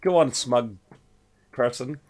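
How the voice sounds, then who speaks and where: A man's voice: medium pitch, slow, a little mellow, no echo. Middle-aged Irish male host, jokey and profane, dry close sound. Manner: joking, swearing, laughs a lot. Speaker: podcast host. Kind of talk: casual chat.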